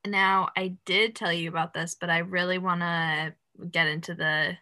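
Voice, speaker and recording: A woman's voice: on the low side, normal speed. A young woman co-hosting a podcast, telling a story in a casual, rambling way with lots of "like" and fillers. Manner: animated, rambling with many fillers and "like". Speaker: podcast co-host.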